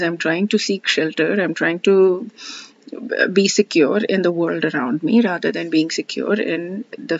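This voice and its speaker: A woman giving a reflective personal monologue as a spiritual self-help speaker, earnest and repetitive, softening to a near whisper when she guides the listener. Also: lowish voice, creaky, no echo, muffled recording.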